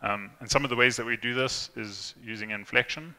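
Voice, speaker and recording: A man's voice: mid-range voice, fairly quick, bright, forceful tone. A young man giving an informal tech talk to an audience, chatty, with many fillers and restarts, acting out quoted lines. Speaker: conference speaker. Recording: reverberant hall.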